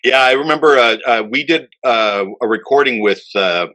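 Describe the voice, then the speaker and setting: Bright-voiced male podcast host. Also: mid-range voice, moderate pace, poor audio. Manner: animated anecdote teller, full of fillers. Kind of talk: casual storytelling chat.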